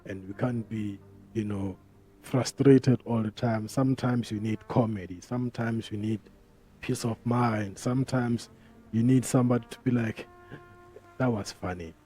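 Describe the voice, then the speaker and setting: A man's voice: medium pitch, fairly even intonation, normal speed, warm tone, husky, soft background music. A man hosting a podcast, talking casually in a rambling, profane way full of street slang. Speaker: podcast host. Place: podcast studio.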